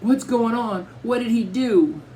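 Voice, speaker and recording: A woman's voice: fairly high pitch, animated, a little slow, warm tone, a little hiss or hum, pitched above the performer's own voice. A man reading aloud voices a frightened little girl who sobs and begs tearfully. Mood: pleading. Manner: sobbing, begging.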